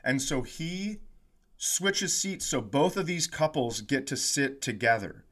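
A man's voice: mid-range voice, slow pace. A man hosts a casual comedy podcast in an ordinary mid-range voice. He spins a story with real energy, slips into the voices of the people in it and laughs along as he goes. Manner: animated storyteller, acts out quotes, laughs often.

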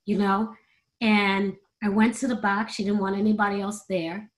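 A woman's voice: medium pitch, level tone, moderate pace, rough recording. A middle-aged woman, a performer, telling emotional personal stories in a candid, conversational interview. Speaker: guest, performer.

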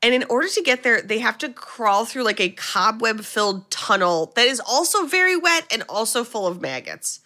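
Bright-voiced woman recapping a movie. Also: a little high, normal speed, few pauses. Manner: animated storyteller, lots of "like" fillers. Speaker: podcast co-host. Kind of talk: casual movie recap chat.

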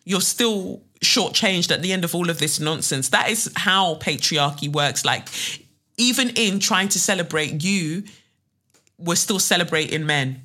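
A woman's voice: sits low, bright, forceful tone. A woman hosting a casual solo podcast, talking bluntly and sarcastically and swearing freely. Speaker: podcast host.

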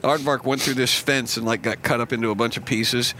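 A man's voice: mid-range voice, fairly even intonation, brisk, sharp tone. A man in casual banter among friends, dryly telling long jokes. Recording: noisy recording.

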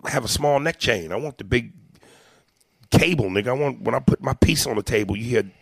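A man, a comedian, talking in a casual podcast chat, profane and animated, often acting out little voices. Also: medium pitch, a little fast, gravelly, husky, dry recording, clean studio sound. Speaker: comedian guest.

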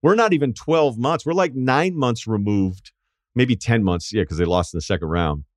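A man's voice: medium pitch, expressive, normal speed, no room sound, studio quality. A middle-aged man hosting a sports show, talking through a casual, reflective monologue and acting out quoted people along the way. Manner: reflective, conversational, acts out quotes. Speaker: sports radio and podcast host.

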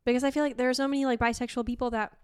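A young woman from Argentina in casual podcast chat, chatty and quick to laugh. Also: sits high, clear, resonant tone, no echo, clean studio sound. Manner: laughs often, chatty and animated.

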